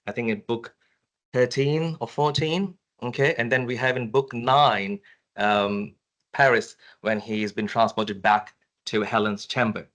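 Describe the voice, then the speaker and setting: A man's voice: medium pitch, fairly bright tone. A man answering a question at an academic conference, full of fillers and restarts. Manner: hesitant, many restarts and fillers. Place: university lecture room.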